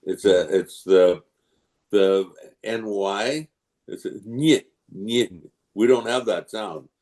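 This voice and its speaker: An older Englishman, a guest voice actor, tells stories in a casual interview with a low, slow voice. He's an animated storyteller who slips into character voices.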